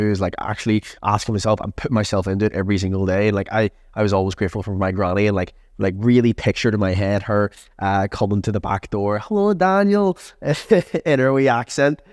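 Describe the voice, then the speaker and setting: A man hosts a podcast in a relaxed, encouraging way. His voice sits on the low side, and the recording is close and dry. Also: no room sound. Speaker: podcast host. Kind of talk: casual chat.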